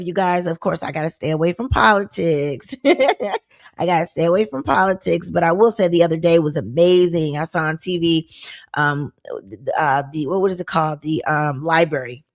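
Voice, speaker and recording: A woman's voice: lowish voice, brisk. A woman hosting a live-streamed talk show, chatting loosely and reading out viewer comments with frequent laughs and exclamations.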